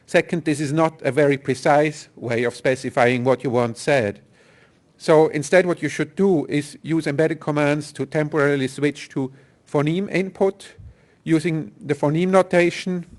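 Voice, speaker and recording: Speaking a little high and a little slowly, a male software engineer gives a technical conference talk. He explains things step by step, with some fillers and restarts.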